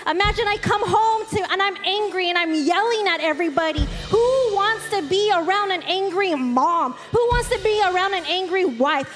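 High-voiced woman in candid faith chat. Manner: conversational, candid, self-deprecating with laughs. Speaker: co-host, wife and mother. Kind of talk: casual faith talk. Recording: long reverb with faint music behind.

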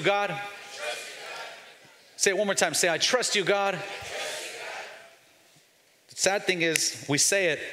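Bright-voiced pastor in his forties. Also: sits high, slight background noise. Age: 40s. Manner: call-and-response preaching, repetitive and emphatic. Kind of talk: preaching a sermon to a congregation. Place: large church sanctuary. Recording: long hall reverb, faint music underneath.

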